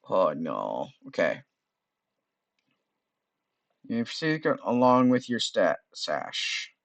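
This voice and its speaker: A man's voice: on the low side, sing-song, slow pace, long pauses, no room sound. A man casually playing through a browser game, reading its text aloud and muttering to himself. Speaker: game streamer. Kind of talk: let's play with read-aloud game text.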